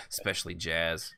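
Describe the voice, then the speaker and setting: A man's voice: deep voice, gravelly. A man hosting a casual podcast chat who rambles a little and pokes fun at himself. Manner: rambling, self-deprecating, loses his place. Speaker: podcast host.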